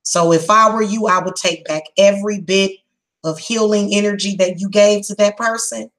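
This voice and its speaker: A woman giving a psychic reading, speaking bluntly and emphatically, heated and repetitive, slowing down to stress her words. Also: mid-range voice, steady tone, fairly bright tone, rough recording. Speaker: psychic reader. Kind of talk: tarot reading monologue.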